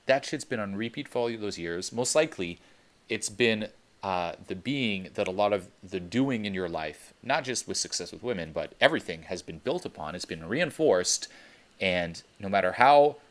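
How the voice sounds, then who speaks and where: Man, very low voice, blunt and profane, coaching talk on a conference call. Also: animated, moderate pace, a bit bright. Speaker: dating coach.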